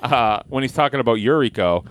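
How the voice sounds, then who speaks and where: A man hosting a podcast in casual chat, telling stories in an animated way, swearing and laughing as he goes. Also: medium pitch, a little fast. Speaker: podcast host.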